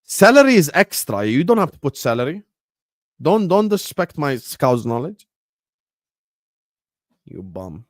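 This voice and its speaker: Bantering streamer, pitched a touch high. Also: male voice, sing-song, unhurried, long pauses, no room sound, clean studio sound. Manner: bantering, mocking chat, sudden loud bursts at match action. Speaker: streamer hosting a football watchalong. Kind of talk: casual live-stream chat with match commentary.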